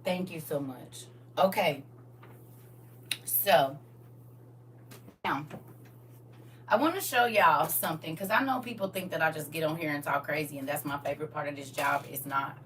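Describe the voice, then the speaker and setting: A woman's voice: deep voice, normal speed, long pauses, fairly bright tone, far from the mic, slight background noise. A woman talking casually and candidly to her audience on a live stream, addressing viewers directly.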